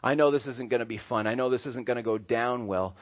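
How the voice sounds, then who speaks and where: A man's voice: mid-range voice, fairly quick, close to an everyday voice. A man voicing personified humility as a sober, resigned man, in a dull lo-fi recording.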